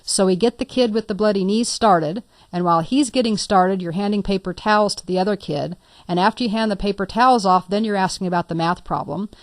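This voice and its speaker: A woman's voice: mid-range voice, fairly quick, dry recording, clean studio sound. A woman instructor talking through a computer tutorial step by step, patient and lightly playful. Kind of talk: screen-recorded software tutorial.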